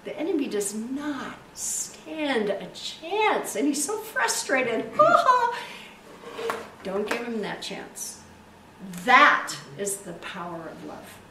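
Woman pastor, emphatic sermon and prayer, drawn-out stresses; roomy, distant recording with faint hiss. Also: on the high side, big pitch swings. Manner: emphatic, stretches key words for effect. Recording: echoey room, distant mic, faint hiss.

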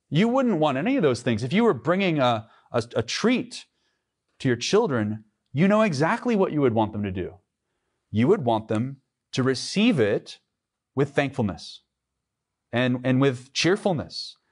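Man preaching an earnest sermon. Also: medium pitch. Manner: earnest preaching with restarts, reads scripture aloud. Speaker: pastor. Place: church.

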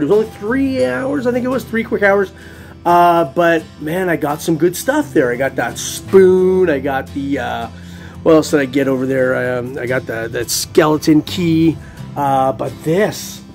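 A man's voice: fairly high pitch, darkish tone. A middle-aged man vlogging his metal detecting finds in a chatty, upbeat way, laughing often. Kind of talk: casual vlog talk to camera.

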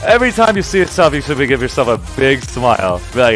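A young man livestreaming his first workout, cracking jokes to his chat as he goes. His voice is mid-pitched and gets loud and animated, and he is breathing hard by the end. Faint music runs underneath. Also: quick pace, hardly any pauses. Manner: joking, loud and animated while exercising. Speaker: streamer. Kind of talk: casual comedic workout stream.

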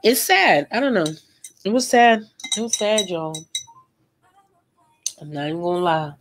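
A woman's voice: medium pitch, animated, unhurried, noisy background. A young woman chatting casually and emotionally while she paints, with lots of fillers and slang. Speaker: art vlogger painting live.

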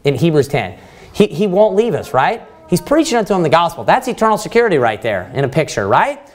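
Male preacher, slightly high voice, lively pitch, Bible study sermon, rhetorical questions. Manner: animated, quotes scripture, asks the room questions.

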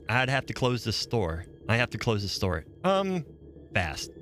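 A man plays a horror game on stream and swears his way through the jumps. His voice lurches from low mutters to sudden yelps. Game music plays clearly behind him. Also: sing-song, measured pace, a bit bright. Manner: profane, jumpy, reacting aloud to a horror game. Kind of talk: casual gameplay commentary.

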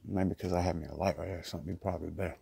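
A man's voice: low-pitched, steady tone, very fast, vocal fry, dark tone, slight background noise. A man vlogging casually from inside a small closet, rambling in a loose, chatty way while he eats. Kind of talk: casual mukbang chat.

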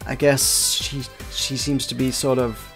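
A man's voice: mid-range voice, little pitch movement, measured pace, a bit bright, soft background music. Chatty man narrating a game. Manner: rambling, self-interrupting, chatty. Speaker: let's play host. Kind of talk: casual game commentary.

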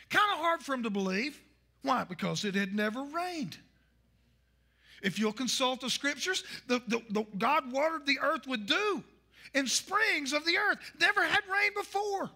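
Fiery high-voiced preacher. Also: male voice, animated, normal speed. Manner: fiery, preaching with shouted emphasis. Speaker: pastor. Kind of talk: sermon.

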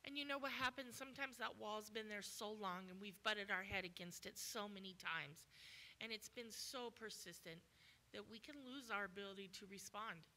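Bright-voiced woman preaching a sermon. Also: mid-range voice, normal speed, slight background noise. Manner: animated, acts out voices in quoted dialogue. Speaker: guest preacher. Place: church.

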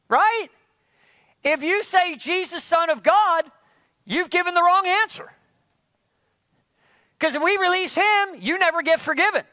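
A male pastor with a strikingly high, bright, forceful voice preaches a sermon. He keeps throwing rhetorical questions at the congregation in an animated way. The sound is dry and close. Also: no echo.

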